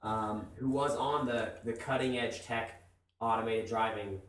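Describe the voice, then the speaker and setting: A man's voice: medium pitch, fairly even intonation, unhurried, fairly bright tone, slight background noise. Guy rambling w lots of repeats on a podcast, echoey room, kinda far from the mic. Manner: repeats words while thinking, swears. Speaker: podcast panelist. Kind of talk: casual group chat.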